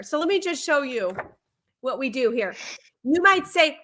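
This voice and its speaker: A woman speaking as a parenting educator in conversational advice on a live stream, animated and acting out what a parent or child might say. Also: high-pitched, unhurried, long pauses.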